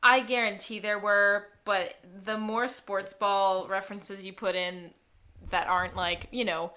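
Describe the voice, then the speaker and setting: A woman's voice: medium pitch, clean tone. A woman co-hosting a podcast, chatting casually and giggling as she recaps a TV episode. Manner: giggly, animated, quick reactions. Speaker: podcast co-host.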